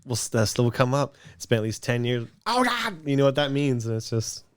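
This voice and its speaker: A man's voice: medium pitch, steady tone, darkish tone, clean tone, no echo. A man co-hosting a podcast in casual chat, telling stories and laughing often. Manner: laughs often, quick storytelling. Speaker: podcast co-host.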